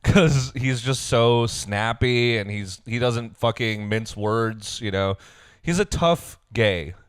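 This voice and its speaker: Smooth, dry-miked chatty man. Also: medium pitch, takes it slowly, no room sound. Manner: laid-back, chatty, laughs often and acts out quotes. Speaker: podcast co-host. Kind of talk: casual chat recapping a reality show.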